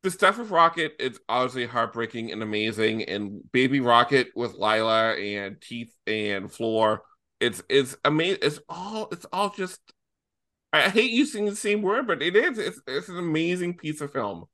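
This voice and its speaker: Excitable, bright-voiced male podcaster. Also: medium pitch, moderate pace. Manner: excitable, swears freely. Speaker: podcast co-host. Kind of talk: casual film review chat.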